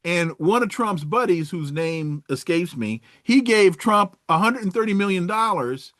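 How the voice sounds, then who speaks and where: Animated, high-voiced male commentator. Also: measured pace, no echo, studio quality. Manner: animated, sardonic, stumbles over words. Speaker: political commentator guest. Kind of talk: casual political talk.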